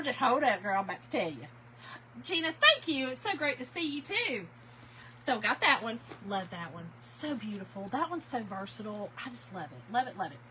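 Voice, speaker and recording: On a poor recording with a little hiss or hum, a slightly high, sharp-toned woman runs a relaxed live sale of craft supplies. Effusive and chatty, she names viewers to thank them and laughs or gets emotional readily.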